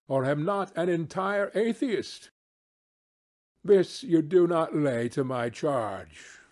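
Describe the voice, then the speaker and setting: A man reading a philosophical defence speech for an audiobook, measured and rhetorical, slowing down on key phrases for emphasis. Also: mid-range voice, a little mellow. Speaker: audiobook reader.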